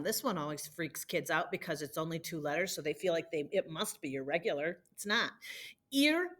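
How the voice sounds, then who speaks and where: Woman teacher explaining step by step. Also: fairly low pitch. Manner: patient, explains step by step and repeats drills. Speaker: Spanish teacher. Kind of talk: recorded classroom lesson.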